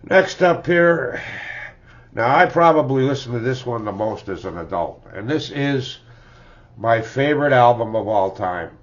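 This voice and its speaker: A man's voice: medium pitch, expressive, unhurried. Older man rambling about records. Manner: rambling, chuckling, tags lines with "eh?". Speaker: music collector vlogger. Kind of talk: casual reminiscing about records. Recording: dull lo-fi home recording.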